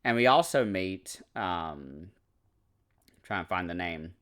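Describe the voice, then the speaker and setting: A man's voice: deep voice, animated, slow, fairly bright tone. A man giving a casual, enthusiastic anime review, rambling with fillers and self-corrections.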